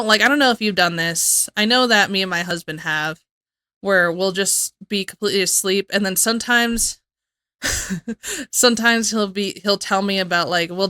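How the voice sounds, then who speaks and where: Woman, bright voice, dry sound; chatty reaction host who rambles and laughs. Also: mid-range voice, no room sound. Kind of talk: casual reaction commentary.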